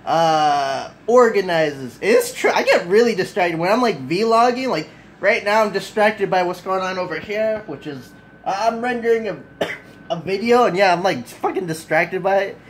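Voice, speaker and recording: High-voiced man rambling loosely on a vlog. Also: lively intonation, normal speed, slight background noise, poor audio. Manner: rambling, loose and profane, full of "like" and "you know"; self-mocking and easily sidetracked. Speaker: vlogger. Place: at home at his desk, just woken up. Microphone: camera mic off to the side.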